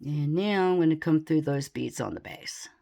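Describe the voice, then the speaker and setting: Low-voiced woman teaching beadwork. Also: normal speed, vocal fry. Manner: calm, methodical, counts beads aloud. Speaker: beading instructor. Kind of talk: step-by-step craft tutorial.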